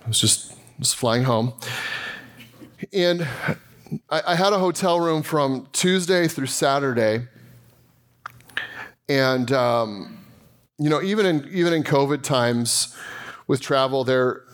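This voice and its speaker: A man's voice: medium pitch, animated, slow, long pauses. A male pastor preaching a sermon, telling a story in a chatty, self-deprecating way with laughs. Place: church.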